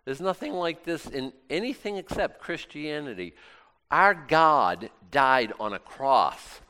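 A man preaching a sermon in a conversational way, swinging from loud exclamations to quiet asides and often restarting his words. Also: on the high side, animated, slow.

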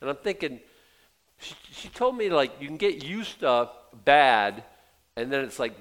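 A man's voice: mid-range voice, very animated, a little slow, fairly bright tone. An older man in his sixties preaching a sermon in a conversational way, acting out quotes in little voices. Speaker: pastor.

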